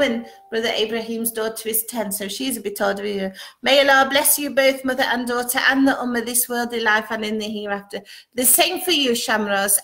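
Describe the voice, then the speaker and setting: A woman's voice: a little high, bright, forceful tone. A woman hosting a casual live stream, reading viewer comments aloud and adding Arabic blessings between them.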